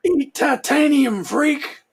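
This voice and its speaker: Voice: sits high, slow pace. A performer voicing a brash, sneering macho biker tough guy in a comic read-aloud.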